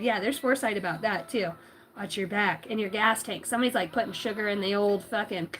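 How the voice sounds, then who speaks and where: A woman's voice: medium pitch, quick pace, slight background noise. A woman doing a casual livestream tarot reading, giggly and rambling, cussing freely. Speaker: tarot reader.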